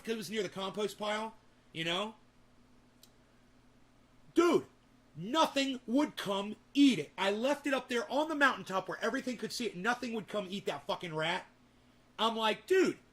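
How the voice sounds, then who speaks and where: In a casual home vlog set among a garden and an indoor grow, a man with a high-pitched, sharp voice tells rambling stories full of profanity.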